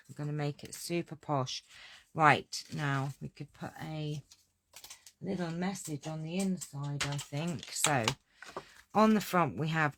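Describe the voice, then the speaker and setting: A woman hosts a card-making tutorial from her home craft desk. She chats to her viewers in a gushing, exclamatory way, and her talk is often slow and drawn out. A faint hiss sits under the recording. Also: low-pitched. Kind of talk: live crafting tutorial chat.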